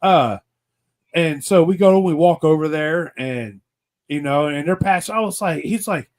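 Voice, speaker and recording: Man from Pennsylvania, slightly high-pitched, rowdy casual chat, profane storyteller. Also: a little slow, a little mellow. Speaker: podcast host.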